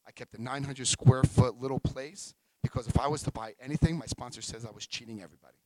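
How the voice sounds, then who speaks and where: A middle-aged man sharing his recovery story at a meeting, telling it in an emotional, animated way. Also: medium pitch, fast, no echo, poor audio.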